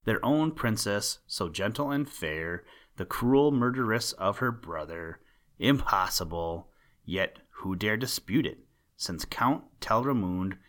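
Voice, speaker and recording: A man reading an old storybook tale aloud in a calm, measured way. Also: fairly low pitch.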